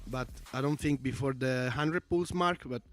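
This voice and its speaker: A man's voice: mid-range voice, moderate pace, faint music behind. Man with a strong Italian accent. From Italy. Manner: analytical, explains at length with many fillers. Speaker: esports co-commentator. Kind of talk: casual livestream commentary.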